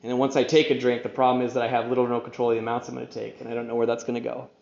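A man's voice: mid-range voice, completely flat delivery, rapid-fire, gravelly, a little mellow. A middle-aged man shares his recovery story at a meeting in a loose, rambling way, filling gaps with "you know" and acting out the voices of people he quotes. The sound is roomy and echoey. The recording is dull and lo-fi. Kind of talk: personal recovery talk.

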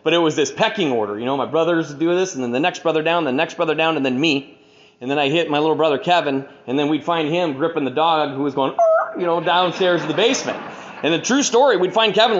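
Rambling fast-talking man, darkly joking. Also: a little high, muffled recording, slight background noise. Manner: rambling, full of "you know", dark humor. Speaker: speaker sharing his recovery story. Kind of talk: candid storytelling to an audience.

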